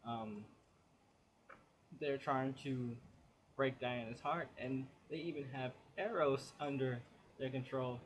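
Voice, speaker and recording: A man's voice: mid-range voice, slight background noise. A man giving a casual spoken comic book review, chatty and rambling as he retells the plot.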